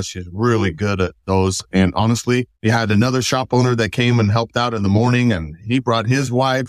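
Earnest low-voiced man, dry close sound. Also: no echo. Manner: earnest, emotional, animated when quoting others. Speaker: auto shop owner, guest. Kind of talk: casual interview conversation.

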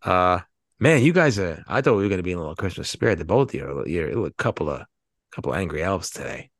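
A man's voice: low-pitched, sing-song, fast, no room sound. A man co-hosting a podcast, chatting casually about a film, rambling and swearing freely. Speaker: podcast co-host. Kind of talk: casual movie-review chat.

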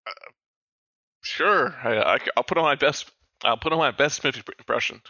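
A man playing a tabletop game, talking casually and halting with restarts. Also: mid-range voice, bright, forceful tone, dry recording, dull audio. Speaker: player.

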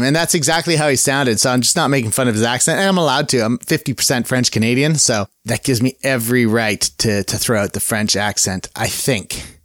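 A man's voice: medium pitch, a bit bright, no room sound, clean studio sound. Rambling, upbeat male podcast host. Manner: rambling and upbeat, with many fillers and self-corrections. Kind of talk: casual solo podcast chat.

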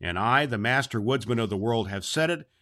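A man's voice: medium pitch, expressive, fairly quick, fairly bright tone, natural voice. A man voicing an ancient master woodsman who speaks with solemn authority. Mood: proclaiming. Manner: proclaiming, authoritative. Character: stern ancient male master woodsman, commanding.

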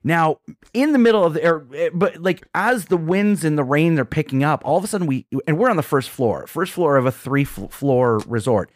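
A man on a casual podcast spins a rambling, animated story, stumbling over restarts and acting out his own quotes. His voice sits a touch high and sounds dry and close. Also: brisk, dry recording. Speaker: podcast co-host.

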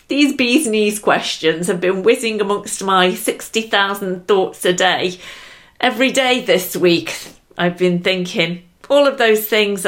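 A woman's voice: mid-range voice, a bit bright. A woman hosting a solo podcast, chatty and giggly, talking straight to the listener. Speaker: podcast host. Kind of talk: upbeat solo podcast talk.

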